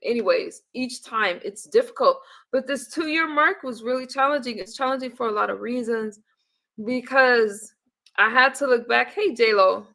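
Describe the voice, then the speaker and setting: A woman talks through a live-stream check-in with a bright, fairly high voice and a gravelly edge. She chats casually and greets viewers by name. She sounds emotional and keeps trailing off and starting over. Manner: chatty, greets viewers by name mid-sentence; halting, trails off and restarts when emotional. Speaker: livestreamer.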